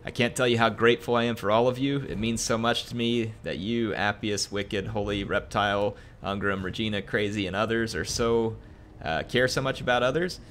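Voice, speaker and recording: A young man on a gaming stream reading a viewer's message aloud, halting and emotional, full of ums, earnest and grateful. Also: on the low side, steady tone, a bit bright, slight background noise. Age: young adult.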